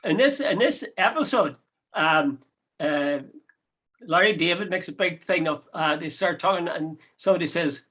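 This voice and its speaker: A man's voice: fairly high pitch, moderate pace, sharp tone. A man co-hosting a casual political chat, wry and chatty with amused asides. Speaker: co-host of a current affairs podcast.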